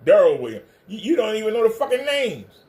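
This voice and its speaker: A man's voice: high voice, big pitch swings, brisk, a little mellow. A man hosting a livestream, ranting confrontationally and hammering the same pointed questions. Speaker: livestream commentator.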